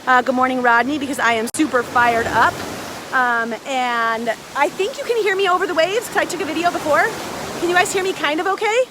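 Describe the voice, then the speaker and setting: A woman hosting a casual motivational live stream outdoors on a beach, filmed on a phone, chatty and excitable, a little out of breath. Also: high-pitched, brisk. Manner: chatty, excitable, greets viewers by name. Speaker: live video host. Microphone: phone held by a friend. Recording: faint surf noise outdoors.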